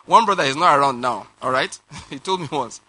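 A man preaching a sermon, animated, laughing and firing rhetorical questions at the congregation. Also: medium pitch, fairly quick, husky. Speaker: pastor.

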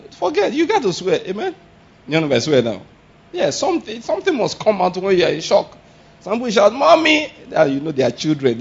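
A man preaching a sermon, animated and often laughing, firing rhetorical questions and shouting exclamations. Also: sits high, breathy edge. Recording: dull lo-fi sound.

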